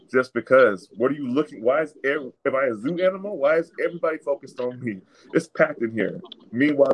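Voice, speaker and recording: A young man on a casual podcast chat, telling stories with lively acted-out quotes. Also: medium pitch, rough recording. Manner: animated storytelling, acts out the people he quotes. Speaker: podcast co-host.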